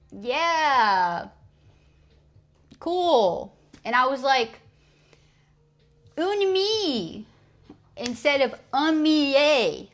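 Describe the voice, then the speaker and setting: A young woman with a high, slightly bright voice streams live from home on a streaming mic. She chats casually while practicing French phrases and laughs at her own mistakes.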